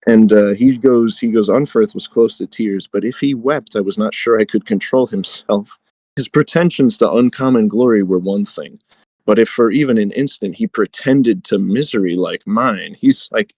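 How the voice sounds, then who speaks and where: A man with a lowish voice talks through a book in relaxed podcast chat, full of fillers and asides. He reads quoted passages aloud with a little dramatic lift. The sound is dry and close, with no room around it. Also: moderate pace, no echo, low-quality recording. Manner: conversational, many fillers, reads quotes with light dramatic emphasis. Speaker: podcast co-host.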